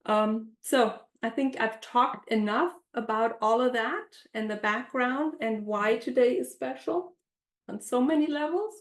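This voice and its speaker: A middle-aged woman teaching a live online baking class from her home kitchen, speaking gently and leading a calm breathing exercise. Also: on the high side, unhurried, roomy sound. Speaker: baking instructor.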